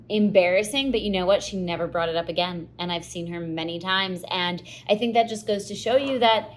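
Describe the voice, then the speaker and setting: Candid, expressive woman with a lowish voice. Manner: expressive, confessional, animated storytelling. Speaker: podcast host. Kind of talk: candid personal monologue.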